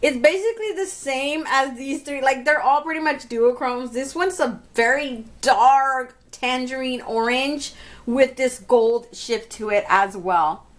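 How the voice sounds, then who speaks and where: A woman whose voice sits high and unhurried reviews makeup casually for her channel. As a chatty beauty vlogger, she repeatedly talks to viewers as "you guys" and often laughs at her own expense.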